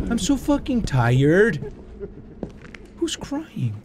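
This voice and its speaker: A young man with a high, bouncy voice talks through a horror game as he plays it. He swings between low muttering and sudden yells, swearing freely. He sounds jumpy and excitable throughout. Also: moderate pace, background noise. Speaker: gaming video host. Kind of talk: live horror game commentary.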